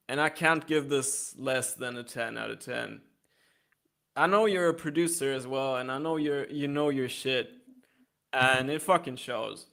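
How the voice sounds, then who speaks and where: A man's voice: mid-range voice, creaky, sharp tone. A man co-reviewing a song on a livestream, enthusiastic and swearing freely. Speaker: co-host reviewer. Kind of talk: casual livestream music critique.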